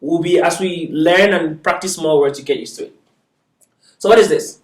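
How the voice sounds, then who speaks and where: A male Arabic teacher with a voice on the high side speaks at a normal speed, lecturing patiently and asking "is that okay?" often to make sure students follow. The classroom echoes, and he is heard from a distance.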